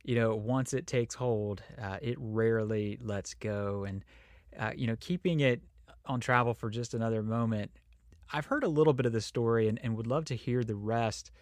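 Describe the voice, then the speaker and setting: A man's voice: mid-range voice, normal speed, a little mellow, dry recording, studio quality. A man hosting an interview, asking easygoing questions. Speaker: interviewer, host.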